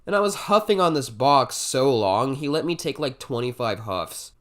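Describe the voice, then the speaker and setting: Animated young man telling a story. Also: medium pitch, moderate pace. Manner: animated, jumpy delivery with sudden loud bursts, casual swearing. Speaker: comedy storyteller. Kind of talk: comedic storytime monologue.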